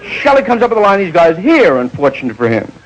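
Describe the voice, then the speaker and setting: A man around forty, doing a rambling stand-up routine in a nightclub and jumping into loud character voices. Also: sits high, sing-song, fast talker, lo-fi sound. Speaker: stand-up comedian. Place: nightclub stage before a live audience. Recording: faint hiss, old 1960s live recording.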